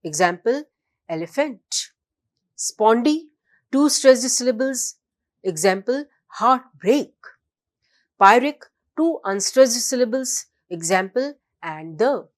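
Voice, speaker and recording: A woman giving a recorded lecture, slowly reading out definitions and examples, with a few fillers and restarts. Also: on the high side, expressive. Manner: slow, deliberate, reads out definitions and examples.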